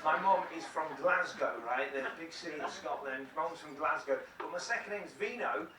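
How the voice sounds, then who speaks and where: A man's voice: on the high side, moderate pace, recorded from a distance, crowd noise. A man from England doing live stand-up, chatting with and teasing the audience and laughing at his own jokes. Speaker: stand-up comedian. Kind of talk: live stand-up crowd work. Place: large theatre on a cruise ship. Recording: echoey hall heard from afar, loud noise.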